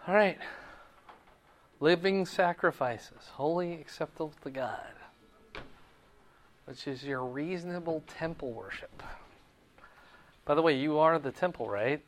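A man's voice: on the high side, slight background noise. A man teaching a Bible class, asking the group questions and closing in prayer. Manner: asks the class questions, animated emphasis then quiet prayer.

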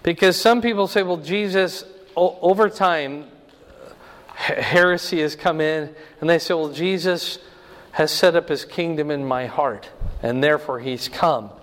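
A man teaching a Bible lesson verse by verse, explaining slowly and checking in with "right?" and "okay?". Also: fairly high pitch, a bit bright, in a large hall.

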